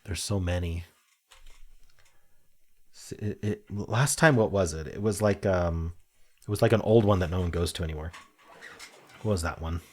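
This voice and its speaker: A man's voice: sits low, normal speed, long pauses, darkish tone. A man thinking aloud while he solves a crossword, reading clues aloud and muttering half-sure guesses. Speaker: crossword-solving video host.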